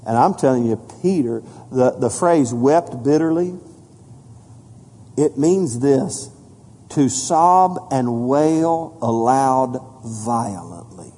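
A man preaching a sermon as pastor, reading scripture with rising emphasis and dropping low and soft for solemn points. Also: animated, slow pace, slightly rough. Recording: hall reverb.

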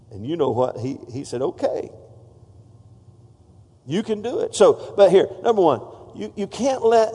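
A man's voice: high voice, warm tone, slightly rough, long reverb tail. A man preaching a sermon, exhorting the congregation with call-outs. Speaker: pastor.

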